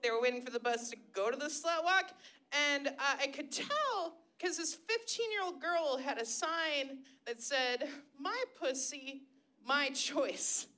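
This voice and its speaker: Bright high-voiced sarcastic woman comic. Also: measured pace. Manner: sarcastic, profane, shrill put-on voices for quoted people. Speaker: stand-up comedian. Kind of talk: stand-up comedy set. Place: live comedy stage before an audience.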